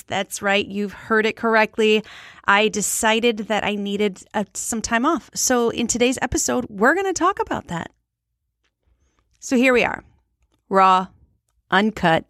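A woman's voice: mid-range voice, no echo. Forties woman, solo podcast host, casual and rambling, dry booth sound. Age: 40s. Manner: frank, chatty, rambling.

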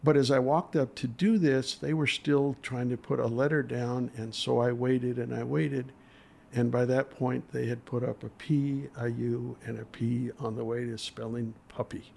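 Older man, gravelly voice, earnest, emotional, hesitant, interview guest. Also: mid-range voice, level tone, moderate pace, a little mellow, a little hiss or hum. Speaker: trial lawyer guest. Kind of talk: storytelling in a podcast interview.

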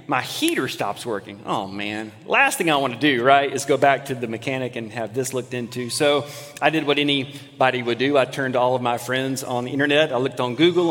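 Pastor preaching in an echoing hall. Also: male voice, a little high. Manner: storytelling, swings from animated to hushed. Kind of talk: sermon. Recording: long hall reverb.

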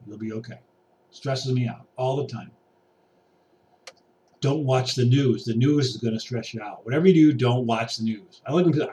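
A man's voice: medium pitch, brisk, darkish tone. Exasperated man ranting from across a room. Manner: exasperated, preachy, swinging from mutters to raised outbursts; paces about while talking. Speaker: vlogger. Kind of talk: ranting monologue to camera. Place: indoor room. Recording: voice distant from the mic.

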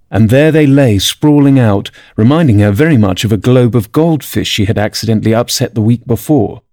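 Male narrator, storybook reading, lively intonation, dry close sound. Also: mid-range voice, no echo. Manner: expressive storytelling. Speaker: audiobook narrator. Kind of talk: scripted narration.

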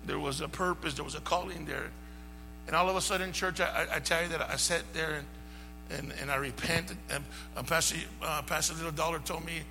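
A man preaching a sermon to his church, passionate and rising to shouts. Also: a little high, steady tone, brisk, vocal fry, big-room sound, noisy background. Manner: impassioned, builds to shouting. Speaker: pastor.

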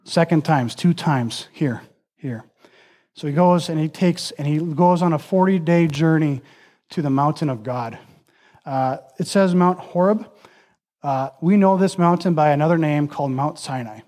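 High-voiced man preaching earnestly. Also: moderate pace, darkish tone. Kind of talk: sermon.

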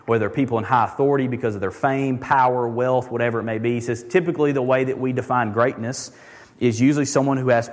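A pastor preaching a sermon in a conversational, emphatic way, repeating words for stress. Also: male voice, mid-range voice, long reverb tail.

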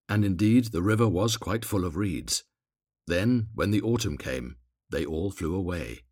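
A man reading a fairy tale aloud, expressive and gently dramatic. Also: low voice, a little slow, breathy edge, no echo, clean studio sound. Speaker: narrator.

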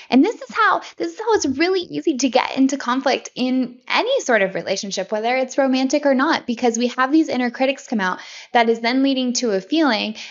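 A woman's voice: fairly high pitch, highs cut off. A woman hosting a podcast, giving a conversational self-help monologue and often repeating and restarting her words.

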